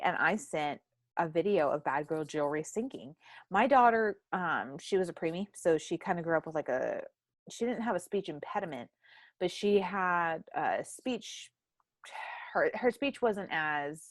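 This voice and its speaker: With a fairly low-pitched voice at a moderate pace and no room sound, a young adult podcast host chats casually. She tells candid, profane stories in an animated way, swearing often.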